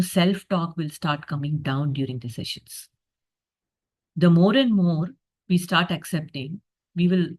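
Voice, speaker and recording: A woman with a fairly low-pitched voice gives a reflective coaching masterclass over a video call. She uses frequent fillers and acts out the inner thoughts of a coach.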